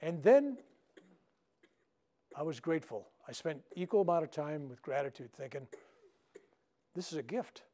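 In a spiritual center meeting room, an older male minister leads a live workshop, his fairly high, warm voice animated and paced moderately with frequent pauses. His style is conversational storytelling, peppered with "right?"

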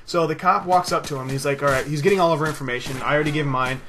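A man's voice: on the high side, racing, fairly bright tone. A young man with a slightly raised voice rambles through a story while he plays a game. His telling is loose and casual, full of swearing, with laughs at his own tale. A faint hiss sits under the voice. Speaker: gaming video host. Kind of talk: casual storytelling over gameplay commentary.

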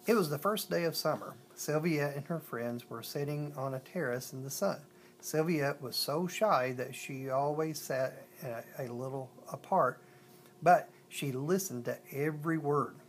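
Someone reading a kids picture book out loud, trips over words a lot, faint rumbly hum behind. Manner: stumbles and restarts, slows on lists. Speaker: storyteller.

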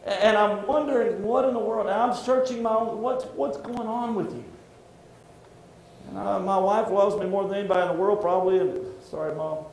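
A middle-aged man preaching a sermon as pastor, heartfelt and halting, often restarting his sentences. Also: high voice, fairly even intonation, a little mellow, a little hiss or hum. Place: church sanctuary. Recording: echoey church room.

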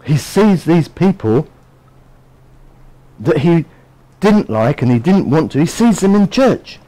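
A man preaching a sermon in an animated storytelling manner, acting out what people say. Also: on the high side, takes it slowly, rough recording. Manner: animated, storytelling, acts out voices.

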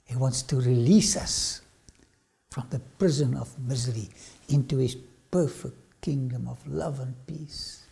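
A man's voice: mid-range voice, fairly even intonation, gravelly, dark tone. A man preaching a dramatic sermon-style lecture, often dropping suddenly to a whisper. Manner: slow dramatic delivery with sudden drops to a whisper.

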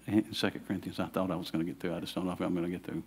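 Pastor preaching with rising fervor. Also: male voice, sits low, steady tone, rapid-fire, darkish tone, breathy edge. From Southern United States. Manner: conversational preaching, rising to fervent emphasis. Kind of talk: sermon.

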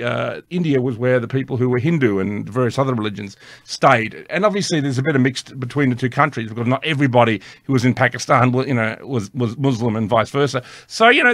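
A man's voice: mid-range voice, sharp tone, no room sound. A man hosting his own show, giving casual political commentary in a rambling, tongue-in-cheek way with many fillers. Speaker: host.

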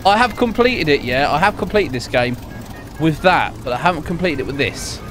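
Young male gaming host, jokey and excitable, lively high-ish delivery. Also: normal speed, soft background music. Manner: excitable, jokey, laughs often. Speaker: gaming YouTuber. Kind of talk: live gameplay commentary.

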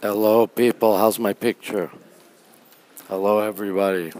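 A man from Canada hosting a phone livestream in an art museum, talking low and hushed while greeting viewers by name. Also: level tone, normal speed, rough recording. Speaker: livestream host. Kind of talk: casual live-stream chat. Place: quiet art museum gallery, indoors.

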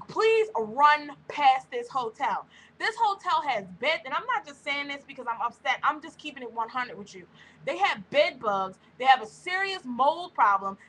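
Fired-up woman venting on her vlog, high pitched voice, swearing nonstop. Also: pushed and bright, a little hiss or hum, low-quality recording. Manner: heated, blunt, heavy cursing. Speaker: vlogger. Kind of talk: angry profane rant to camera.

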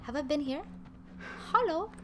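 A young woman with a high, bright voice narrates her game in a chatty, excitable way. She talks straight to her viewers and scolds her cats between moves. A faint noise sits under the recording. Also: unhurried. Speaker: gaming video host. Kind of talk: casual let's-play commentary. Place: home room with cats nearby.

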